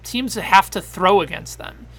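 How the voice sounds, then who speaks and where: Bright-voiced man hosting a fantasy football show. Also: high voice. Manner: excitable, quick back-and-forth, reading out viewer questions. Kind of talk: live fantasy sports talk show.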